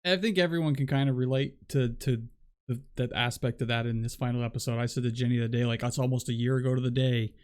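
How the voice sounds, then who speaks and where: A man's voice: mid-range voice, fairly even intonation, quick pace, a little mellow, smooth. Easygoing, reflective man on a podcast. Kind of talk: casual podcast chat.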